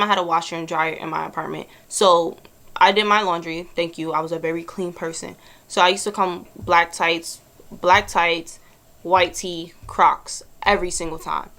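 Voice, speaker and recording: A woman's voice: fairly low pitch, fairly bright tone. A young woman, telling a blunt, exasperated storytime in a casual vlog, swearing freely. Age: early 20s. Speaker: vlogger.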